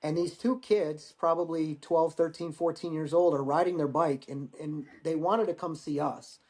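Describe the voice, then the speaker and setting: An American man in his forties tells stories from his service as a podcast guest. His voice sits a little high for a man, and he talks loosely, cursing freely and doubling back on his words. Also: normal speed. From United States. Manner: relaxed, profane, repeats words when starting phrases. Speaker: guest, Marine veteran. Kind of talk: casual storytelling.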